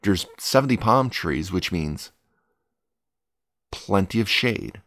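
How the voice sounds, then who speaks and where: A man's voice: low voice, lively intonation, slow, a bit bright, dry recording. A man reading Bible verses aloud and explaining them in an earnest devotional talk. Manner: reads scripture then explains it plainly; earnest, rises when urging prayer. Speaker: Bible teacher.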